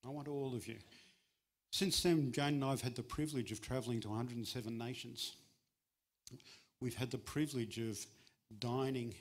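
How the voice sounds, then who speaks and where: A middle-aged man preaching as a guest speaker at a church, in a conversational, humorous way, with sudden rises in pitch for emphasis. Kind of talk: sermon.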